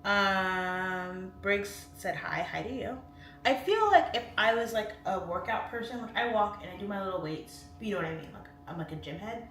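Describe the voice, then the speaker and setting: A woman's voice: mid-range voice, animated, normal speed, a bit bright. A woman hosting a casual live stream from home on a phone, rambling chattily and reading viewer comments aloud. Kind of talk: casual livestream chat. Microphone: phone on its side. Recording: echoey room with faint music.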